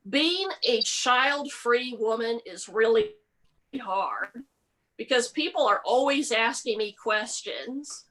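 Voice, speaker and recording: A middle-aged woman doing a stand-up comedy set with a deadpan delivery. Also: on the high side, rough recording. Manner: slow deadpan delivery with mocking put-on voices. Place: home, virtual comedy show.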